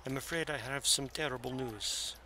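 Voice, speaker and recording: A man's voice: mid-range voice, normal speed, bright, forceful tone, slight background noise. A man voicing a worried female sorceress in a put-on Russian-like accent. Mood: urgent. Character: worried female sorceress bringing grim news.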